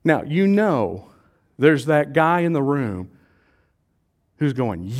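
Playful joking pastor. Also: male voice, mid-range voice, very animated, slow, long pauses. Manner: playful, jokey, acts out voices of the crowd. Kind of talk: casual conversational preaching.

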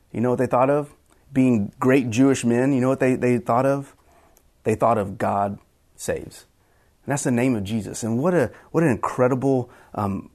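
A middle-aged man preaches with earnest conviction and often stumbles back over his words to restart a thought. His voice sits at an ordinary middle pitch for a man. The delivery is a sermon, not chat. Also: a little mellow. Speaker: pastor.

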